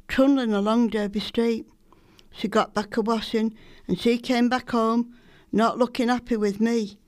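Lancashire woman reading her poems. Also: fairly high pitch. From Salford, England. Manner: homely, storytelling. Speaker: poet. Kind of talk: poetry reading.

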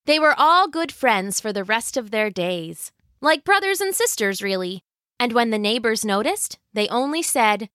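A woman narrating a folk tale for listeners in an expressive, playful way. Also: a little high, normal speed, no room sound, studio quality. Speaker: storyteller.

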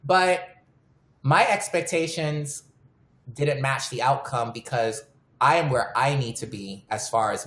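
Female podcast host, deep-toned, frank storyteller, roomy echo. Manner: candid, storytelling, swears freely. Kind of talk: casual podcast chat.

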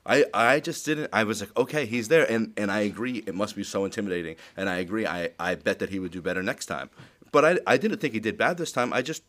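Rambling low-voiced man on a podcast. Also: quick pace, fairly bright tone. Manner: rambling, heavy on filler words and swearing. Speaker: podcast co-host. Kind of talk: casual podcast chat.

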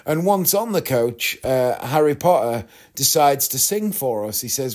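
Man, podcast host, mid-pitched voice, rambling and chatty storytelling, laughs easily. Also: lively intonation, unhurried, hardly any pauses, darkish tone. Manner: chatty, rambling, laughs at his own stories. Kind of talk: casual storytelling monologue.

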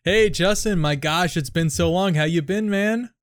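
A man's voice: sits high, moderate pace, lightly acted. A man playing a rude, crude friend who mocks everyone at dinner in an improvised comedy sketch. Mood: mocking. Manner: brash, crude, mocking. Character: obnoxious rude male friend, insulting.

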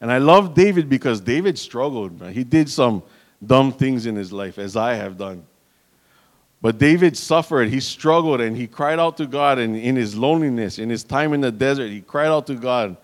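A man's voice: mid-range voice, animated, normal speed. A man preaching a sermon in an earnest manner, calling out to the congregation and restarting phrases as he goes.

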